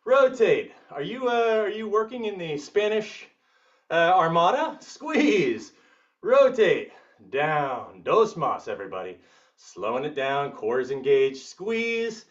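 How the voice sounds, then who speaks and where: A male fitness instructor leads a live workout class, counting reps, joking with participants, and letting out bursts of high whoops. The lo-fi recording was made from a distance.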